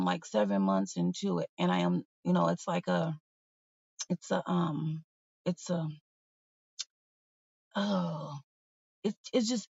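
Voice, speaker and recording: A woman hosts a livestream, talking candidly and bluntly to her viewers in a rambling, casual way. Her voice is lowish, creaky, and husky. The sound has no echo and comes across dull and slightly lo-fi.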